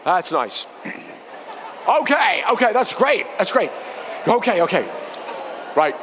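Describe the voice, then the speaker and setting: A man giving a chatty, playful seminar talk to a live audience, swinging between soft and loud. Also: sits high, big pitch swings, slow, big-room sound, a faint crowd, a little hiss or hum. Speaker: motivational speaker.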